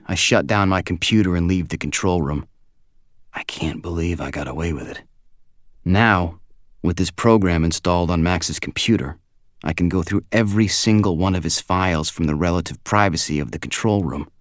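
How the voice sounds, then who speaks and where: A man narrating a first-person audiobook in a quiet, measured, inward way on a close studio mic. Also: deep voice, no room sound.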